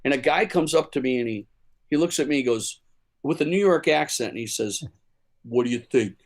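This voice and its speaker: A man's voice: on the high side, animated, brisk. A man from Chicago, a musician guest, telling stories in a casual interview with many fillers and restarts.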